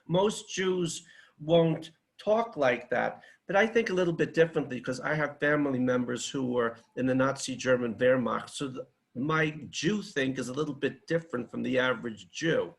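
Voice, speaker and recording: A man's voice: medium pitch, moderate pace, creaky, poor audio. Fiery man giving a seminar talk. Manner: fiery, declamatory, rhetorical. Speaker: seminar speaker.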